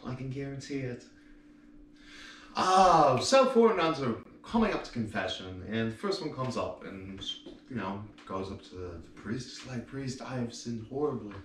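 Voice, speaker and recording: A man telling a joke in a loose, playful way, his voice rising and falling in an animated way. He sounds far from the mic in an echoey room. A faint hiss sits underneath. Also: mid-range voice, unhurried. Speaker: joke teller.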